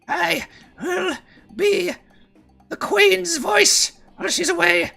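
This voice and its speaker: A man voicing a small vengeful kobold loyal to its queen, in a shrill, gravelly squeak, drawing out slow vows in a tabletop game. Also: pushed and bright, soft background music, heavily acted.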